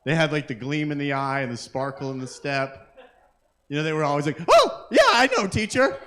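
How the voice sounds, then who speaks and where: A man's voice: mid-range voice, little pitch movement, brisk, fairly bright tone. A man hosting a live open mic, doing rambling, self-interrupting crude stand-up to the crowd at a kava bar. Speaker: comedian and open mic host.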